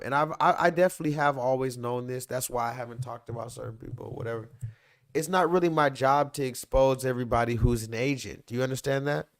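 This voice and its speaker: A man hosting a livestream, telling a story in animated, profane rants to his viewers. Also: medium pitch. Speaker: livestream host. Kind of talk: casual livestream commentary.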